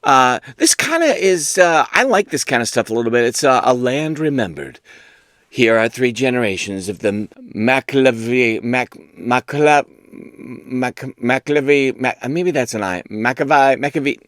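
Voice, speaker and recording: A man's voice: medium pitch, expressive, unhurried, fairly bright tone, no room sound, studio quality. A man hosting a book video, rambling and joking at his own expense in casual chat. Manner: rambling, self-mocking and jokey. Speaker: booktube host.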